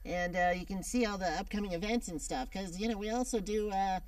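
A man's voice: high voice, brisk, clean tone, no echo, recorded from a distance, natural voice. A man playing a mild-mannered alien conqueror from space as a guest on a comedy interview show, talking hesitantly with many ums. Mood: deadpan. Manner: hesitant, deadpan, lots of ums and uhs. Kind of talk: comedy public-access interview skit.

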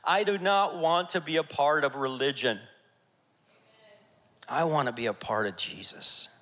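Male pastor, bright energetic preacher voice, reverberant sanctuary. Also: fairly high pitch, unhurried. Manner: energetic, jokey, rallying the congregation. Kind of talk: sermon. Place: church sanctuary. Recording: church hall reverb.

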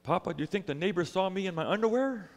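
A man voicing a whiny, stubborn three-year-old boy who complains loudly. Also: sits high, animated, fast, in a large hall, slight background noise, pitched above the performer's own voice. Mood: small, pleading. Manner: whining, complaining.

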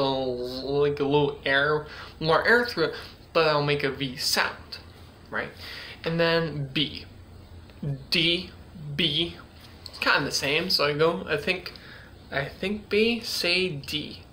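Slow, hesitant man teaching ventriloquism. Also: a little high, pushed and bright, a little hiss or hum. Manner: hesitant, full of fillers, demonstrating sounds. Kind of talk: casual tutorial.

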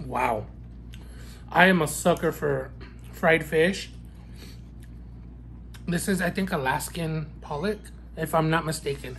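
A man reviewing fast food in a mukbang eating vlog, talking in a sassy, playful way and savoring each bite with frequent mm and wow sounds. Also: fairly high pitch, a bit bright, a little hiss or hum. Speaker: food vlogger.

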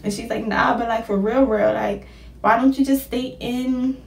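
A young woman telling a casual storytime tale, slangy and animated, jumping into high excited bursts when she quotes people. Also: moderate pace, gravelly, echoey room, far from the mic.

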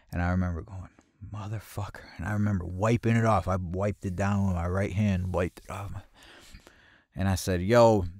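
A man with a low voice tells a personal story in a casual, profane, streetwise way. He breaks into loud acted-out voices of the people involved. The recording is close and dry, with no room sound. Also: no room sound. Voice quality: heavy swearing, acts out quoted voices loudly. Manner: blunt, streetwise, animated retelling. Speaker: podcast host telling a personal story.

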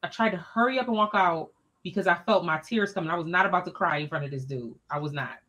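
A woman who is an education scholar shares a personal story as a podcast guest, animated, expressive, and colloquial. Her voice is on the low side, and she speaks at a quick pace.

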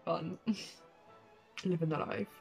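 A woman's voice: on the low side, fairly even intonation, very slow, creaky, a little mellow, soft background music. A young woman doing a casual makeup vlog, self-mocking and swearing as she talks to herself and her dog. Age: young adult. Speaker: beauty vlogger.

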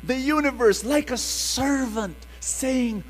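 A middle-aged man, preaching a sermon in an animated call-and-response style. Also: very high voice, slow pace, long reverb tail, poor audio.

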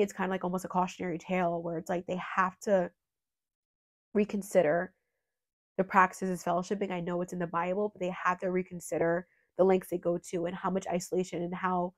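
A woman's voice: on the low side, a little mellow. A woman hosting a true crime channel, talking earnestly and with emotion, at times holding back tears and rambling with fillers.

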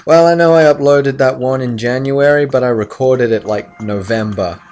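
A man casually commenting on his own gameplay, rambling and muttering softly while he concentrates. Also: mid-range voice, moderate pace, music in the background. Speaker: let's play commentator.

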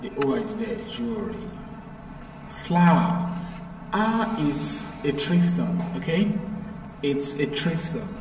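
A man's voice: fairly high pitch, big pitch swings, slow, vocal fry, pauses often, darkish tone, slight background noise. A man teaching English pronunciation to a live class, patient and repeating points to drill them. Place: echoey classroom. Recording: roomy, echoey, from far off.

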